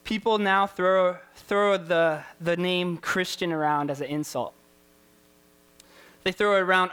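A man's voice: high voice, fairly even intonation, a little slow, a bit bright, smooth. A man preaching a sermon as a youth pastor, impassioned and repetitive, firing rhetorical questions at his listeners.

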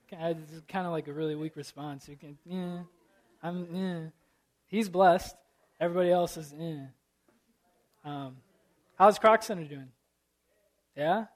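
A man in his thirties who prays and then opens a sermon, earnest and halting, with many fillers and a self-deprecating humor. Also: on the high side. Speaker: preacher. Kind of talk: prayer and sermon opening.

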